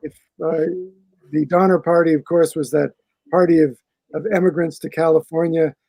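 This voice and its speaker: Brief: male author guest, gravelly and dark-toned, rambling conversational answers, dry sound. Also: on the high side, fairly even intonation, normal speed, dry recording, low-quality recording. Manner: rambling, restarts phrases while thinking.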